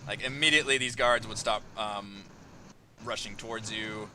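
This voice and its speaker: Bright-voiced man running a tabletop game. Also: normal speed, a little hiss or hum. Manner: animated, voices guards in high yelps. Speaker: dungeon master.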